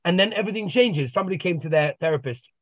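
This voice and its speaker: Male life coach, slightly high voice, story-driven motivational talk, dull dry video-call sound. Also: animated, very fast, dry recording. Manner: tells stories and acts out the dialogue.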